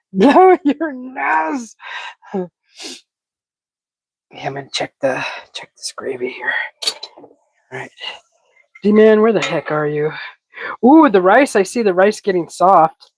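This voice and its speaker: A woman's voice: fairly low pitch, animated, unhurried, pauses often, a little mellow, slightly rough, no room sound, rough recording. Sniffly woman chatting while cooking. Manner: chatty, reads viewer comments aloud while cooking. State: sniffly, stuffy head cold. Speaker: cooking livestream host. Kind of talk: casual live cooking chat.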